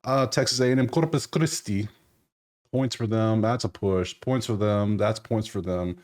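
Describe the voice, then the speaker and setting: Guy with a lowish voice going through betting picks, blunt, sarcastic, mumbling over stats. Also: moderate pace, a little mellow. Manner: blunt, sarcastic, mutters while reading stats. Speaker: sports betting analyst. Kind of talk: casual betting breakdown.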